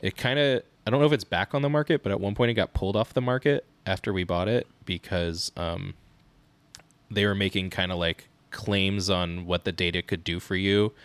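A man in his thirties co-hosts a casual parenting podcast. His voice sits very low. He tells stories in an animated way, often breaking into laughter. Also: normal speed, clean tone, dry recording. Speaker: podcast co-host. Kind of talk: casual chat.

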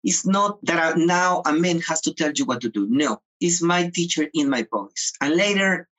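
Husky-voiced man, halting and earnest. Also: on the high side, animated, fairly bright tone, rough recording. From Mayan highlands. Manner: earnest, halting, with many restarts. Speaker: author and guest. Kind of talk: interview conversation.

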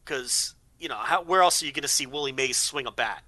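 A man's voice: medium pitch, fairly quick, sharp tone, no echo. A man on a podcast, chatting casually and rambling, repeating words as he thinks. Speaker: podcast co-host. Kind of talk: casual chat.

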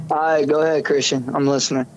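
A man's voice: a little high, a little hiss or hum, low-quality recording. A man joining a casual chat as a guest, easygoing and laughing along.

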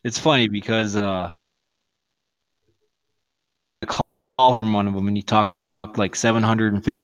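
A man's voice: fairly low pitch, fairly even intonation, unhurried, lo-fi sound. A young man co-hosting a podcast, chatting casually, swearing a lot and laughing through his stories. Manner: profane, laughing, puts on silly voices in stories. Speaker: podcast co-host. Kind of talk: casual chat.

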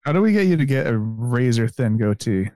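A man's voice: medium pitch, very animated, brisk, mellow, dry recording. A man co-hosting a comedy podcast in casual chat, laid-back and swearing freely. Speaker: podcast co-host.

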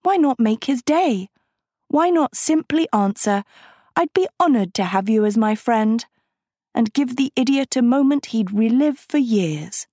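A vain teenage girl with a high, sugary voice, as a woman reader puts her on. She coos and wheedles, every word coated in syrupy sweetness, and the reading is slow and dry, close to the mic. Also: expressive, mellow, breathy edge, no room sound, full character voice. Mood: scolding herself. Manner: cooing, wheedling. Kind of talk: audiobook character voice.

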